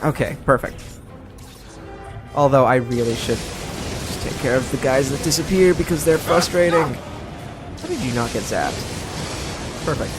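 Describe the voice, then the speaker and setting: A man's voice: mid-range voice, a little slow, pauses often. Man from Britain, game commentary host, sarcastic and chatty, game music under him. brief. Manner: chatty, sarcastic, reacting to play. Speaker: let's play host. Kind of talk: gameplay commentary.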